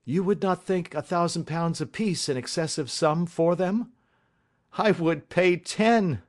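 A man voicing an excitable, distraught middle-aged banker in an audiobook, pleading and bursting with emotion. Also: fairly high pitch, unhurried, pitched above the performer's own voice, lightly acted. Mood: eager. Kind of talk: audiobook character reading.

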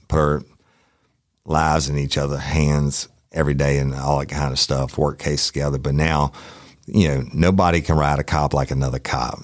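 Podcast host, middle-aged man, rumbling deep voice, folksy and foul-mouthed, dead-dry studio sound. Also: dry recording. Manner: profane, rambling, folksy. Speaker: podcast host, former detective. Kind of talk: casual storytelling.

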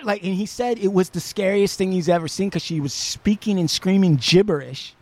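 A man hosting a podcast, retelling a story in a casual, profane, animated way. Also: sits high, fairly quick, hardly any pauses, very noisy. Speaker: podcast host.

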